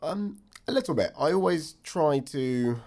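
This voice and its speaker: A young man in his twenties co-hosting a chat podcast, talking politely and thoughtfully with many pauses and fillers. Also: on the high side, lively intonation, a little mellow. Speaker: podcast co-host, stand-up comedian. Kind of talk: casual chat.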